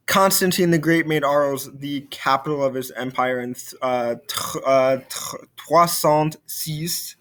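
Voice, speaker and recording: A young adult man, a French teacher, giving a recorded video lesson in a relaxed way with many fillers and restarts. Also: on the high side, unhurried.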